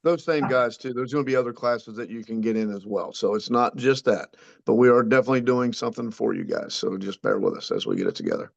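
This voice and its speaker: A man's voice: medium pitch, very animated, fast talker, creaky, highs cut off. A man co-hosting a podcast, casually hyping an upcoming race with lots of hesitant fillers. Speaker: podcast co-host, race promoter. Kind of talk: casual chat.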